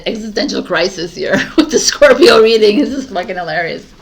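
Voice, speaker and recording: A woman's voice: medium pitch, lively intonation, brisk, vocal fry, a little hiss or hum. A woman tarot reader talking casually to her viewers, laughing at herself and losing her train of thought. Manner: giggly, scattered, laughing at herself. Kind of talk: casual spoken tarot talk.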